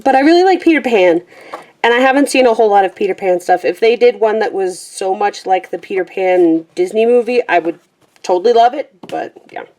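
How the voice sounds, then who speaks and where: Young woman vlogger, breathy, casual rambling, mid pitch. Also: lively intonation, a little fast, darkish tone. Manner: chatty, self-correcting, laughs often. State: slightly out of breath.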